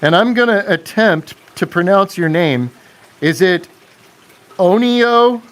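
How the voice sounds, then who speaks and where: Slow-talking man hosting a live stream. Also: sits high, a bit bright. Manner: chatty, reads and answers viewer comments, laughs often. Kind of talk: casual live stream chat.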